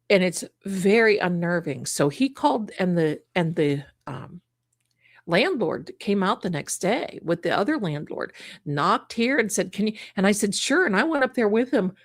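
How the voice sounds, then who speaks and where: A middle-aged woman, telling a ghost story at home in a casual, animated way and acting out the voices she quotes. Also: mid-range voice, no echo, clean studio sound. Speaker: psychic show host.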